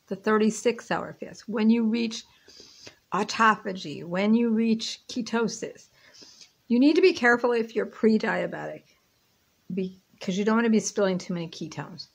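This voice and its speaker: A woman's voice: medium pitch, unhurried, gravelly. A woman in her fifties chatting casually while she cooks in her home kitchen, rambling between stirring and tasting. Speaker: cooking and lifestyle vlogger. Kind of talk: casual chat while cooking.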